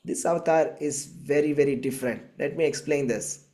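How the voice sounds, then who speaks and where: A man's voice: on the high side, a little fast, mellow, pitched below the performer's own voice, natural voice. A man voicing Krishna, a curious young god. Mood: explaining. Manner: eagerly questioning, coaxing.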